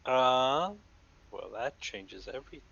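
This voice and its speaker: Young male player, laid-back, bright voice, dull lo-fi recording. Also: mid-range voice, animated, a little slow, gravelly, breathy edge, no room sound. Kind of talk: casual chat at a tabletop game.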